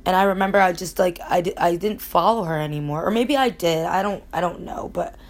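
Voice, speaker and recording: A woman's voice: lowish voice, fairly quick. A young woman from Connecticut telling a personal story in a casual, rambling way, candid and emotional, swearing freely. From Connecticut, USA. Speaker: vlogger.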